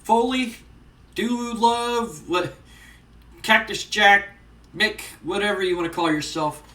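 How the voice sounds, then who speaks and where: A man's voice: high voice, slow, pushed and bright, far from the mic, heavily acted. A man voicing an arrogant male pro wrestler who cuts a contemptuous, insulting promo. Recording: roomy, off-mic.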